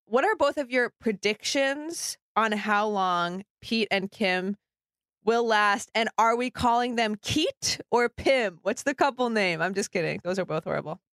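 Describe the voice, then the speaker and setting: A woman hosting a casual pop-culture chat, animated and jokey. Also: medium pitch, a little slow, dry recording, clean studio sound. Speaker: podcast host.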